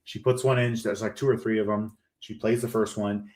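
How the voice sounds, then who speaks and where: Lively man recapping a story. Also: fairly low pitch, fairly quick. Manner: animated storytelling, acts out quoted lines. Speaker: podcast host. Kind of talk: casual plot recap.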